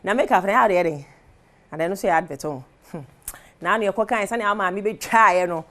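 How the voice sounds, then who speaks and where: Animated Ghanaian woman TV host. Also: mid-range voice, brisk. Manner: animated, code-switching, laughing. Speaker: TV show host. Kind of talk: casual entertainment commentary. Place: TV studio.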